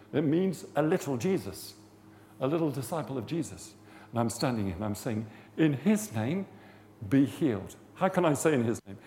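A man teaching on healing prayer gives a loose, conversational sermon woven with stories, growing fervent and emphatic. His voice is medium-pitched, creaky, and a little mellow, and there's faint background noise and long hall reverb.

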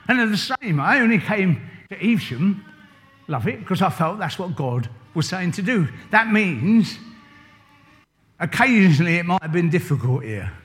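An older man preaching an informal sermon, telling a Bible story in a chatty way and asking the congregation questions. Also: high-pitched. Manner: chatty, asks the congregation questions, varies loudness a lot. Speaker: church leader.

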